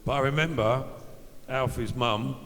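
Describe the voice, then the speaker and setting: A man's voice: mid-range voice, measured pace, fairly bright tone, long reverb tail, a little hiss or hum, rough recording. A man in his fifties, a former footballer, telling chatty anecdotes at an evening event and acting out the voices of the people in them. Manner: chatty anecdotal storyteller, acts out quoted voices. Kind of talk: after-dinner storytelling.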